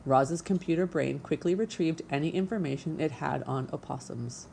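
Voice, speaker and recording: Warm-voiced woman reading a storybook. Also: sits low, vocal fry, a little hiss or hum. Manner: expressive and measured. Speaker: audiobook narrator. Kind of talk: storybook narration.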